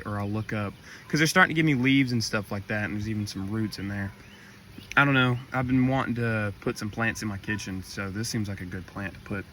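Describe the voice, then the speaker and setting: A man's voice: medium pitch, pushed and bright, a little hiss or hum. A young man with a cracking voice, casually walking through his plant collection, rambling with lots of ums and likes. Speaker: carnivorous plant grower giving a tour. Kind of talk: casual walkthrough vlog. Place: outdoor garden.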